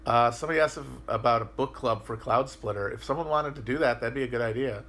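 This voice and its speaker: Bright-voiced man rambling on a livestream. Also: medium pitch, fast. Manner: rambling, profane, thinking aloud with frequent restarts and fillers. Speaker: podcast host. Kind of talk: casual livestream chat, answering viewer comments.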